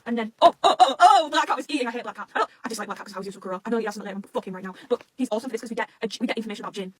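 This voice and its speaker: A woman's voice: medium pitch, racing, breathy edge. A woman chatting casually in a reaction video, rambling, emotional and gushing, with frequent swearing. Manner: excitable, rambling, swears often. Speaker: manga reaction vlogger.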